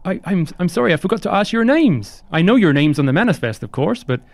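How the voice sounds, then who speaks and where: A man's voice: high voice, sing-song, quick pace, no echo, pitched above the performer's own voice. A man voicing a nervous, eager young male ship hand who talks politely and stammers.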